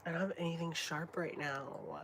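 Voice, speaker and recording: A woman's voice: deep voice, normal speed. A woman in her late twenties chatting casually on a live stream, swearing freely and often dropping to a whisper. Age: late 20s. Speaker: livestreamer chatting with viewers. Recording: steady background noise.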